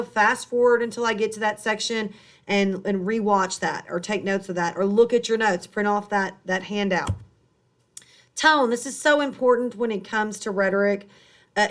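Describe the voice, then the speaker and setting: In a recorded online lesson, a female high school English teacher walks through the material step by step, rephrasing her points as she goes.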